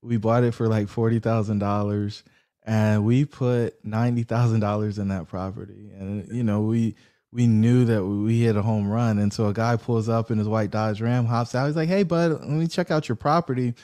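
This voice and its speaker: A real estate investor appears as an interview guest and tells a story in a mellow, warm, resonant voice. He's animated, jumping in pitch to act out the other people in the tale, and speaks at a normal speed with clear audio.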